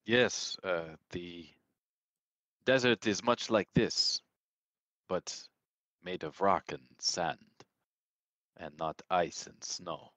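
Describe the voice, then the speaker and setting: A man playing a tabletop role-playing game, speaking in a calm, measured way. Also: low-pitched, no echo. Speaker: player. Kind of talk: casual tabletop role-play.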